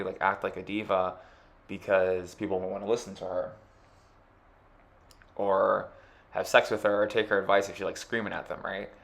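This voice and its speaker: A man's voice: on the low side, a bit bright. A man giving a rambling, casual astrology chart reading, full of filler words.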